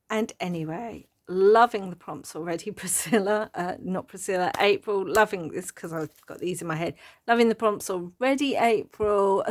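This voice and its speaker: A middle-aged woman hosting a casual craft-journal flip-through, chatty and rambling and prone to giggling. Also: lowish voice. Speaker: craft channel host.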